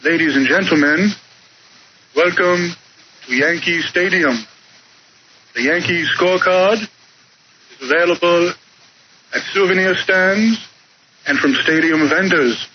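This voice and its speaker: A man imitating a stately older stadium announcer, slow and measured, on a lo-fi radio broadcast. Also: high voice, background noise. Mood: formal.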